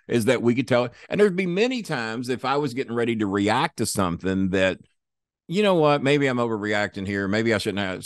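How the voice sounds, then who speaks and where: A man's voice: mid-range voice, no echo, studio quality. An older man, a podcast guest, telling stories in a blunt, profane, plain-spoken way. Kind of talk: casual storytelling.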